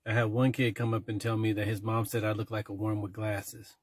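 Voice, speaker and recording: Animated man telling teacher stories. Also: lowish voice, brisk, breathy edge, no echo. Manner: animated, switches between narration and acted kid and parent voices. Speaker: comedy sketch creator playing a teacher. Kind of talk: comedic sketch storytelling.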